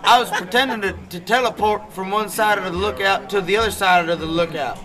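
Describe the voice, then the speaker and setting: A man's voice: sits high, steady tone, brisk. A man hosting a podcast, telling profane, laughing anecdotes among friends in casual chat. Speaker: podcast host. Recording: crowd chatter behind.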